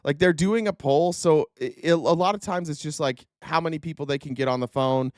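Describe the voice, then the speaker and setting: A man talks through a live stream in a blunt, sarcastic way, swearing freely and tripping over restarts as he goes. His voice sits a little high. The sound is dry and close. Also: brisk, darkish tone, no echo. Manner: rambling with frequent restarts and laughs. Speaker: political commentator.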